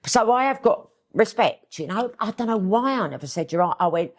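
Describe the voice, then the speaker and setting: A woman's voice: mid-range voice, expressive, brisk. A middle-aged woman with an East London accent, telling stories bluntly and chattily in a casual interview, swearing freely. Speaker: guest author.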